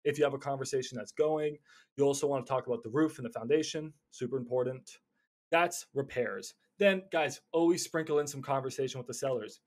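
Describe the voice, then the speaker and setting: A man teaching cold calling in a casual, energetic way, often stumbling over and repeating words. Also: medium pitch, a little fast. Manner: energetic, stumbling repeats, slips into acted phone calls. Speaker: real estate investor teaching cold calling. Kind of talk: casual instructional talk.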